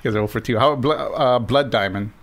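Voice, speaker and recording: A man co-hosting a casual movie podcast, talking in an animated, teasing way. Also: mid-range voice, quick pace. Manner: animated, teasing, talks over others. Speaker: podcast co-host.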